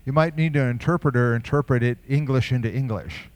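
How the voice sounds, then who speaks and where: Speaking quickly in a mid-range voice with no room sound, an older pastor delivers a sermon in a conversational way. He asks rhetorical questions and chuckles occasionally.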